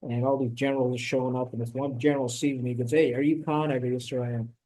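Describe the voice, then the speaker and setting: A middle-aged man and former Marine telling a war story in a casual podcast chat, animated, swearing now and then and acting out what people said. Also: mid-range voice, fast, poor audio.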